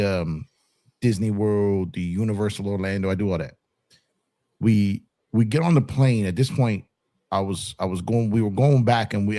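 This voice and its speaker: A man telling a profane, animated story in casual podcast talk. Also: fairly low pitch, dry recording, clean studio sound. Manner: animated, profane, acts out quotes. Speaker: podcast co-host.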